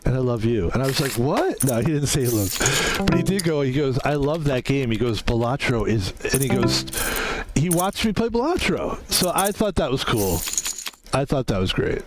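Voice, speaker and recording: A man's voice: mid-range voice, lively intonation, moderate pace. A man streaming a poker game, chatting in a rambling way, swearing freely and calling out his own name as he plays. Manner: chatty, rambling, swears freely, talks about himself in third person. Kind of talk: casual gameplay commentary. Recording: music playing behind the voice.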